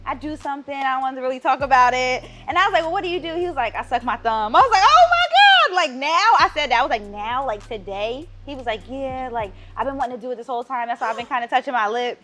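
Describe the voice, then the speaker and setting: Young female podcast co-host, quick bright delivery, animated storyteller. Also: high voice, faint music behind. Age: young adult. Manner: animated storyteller, lots of "like" and "you know". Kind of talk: casual chat.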